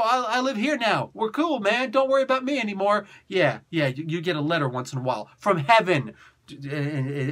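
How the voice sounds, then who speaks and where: A man giving an excitable, slangy comic book review, laughing often and dropping into quick impressions. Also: high voice. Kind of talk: animated comic review rant.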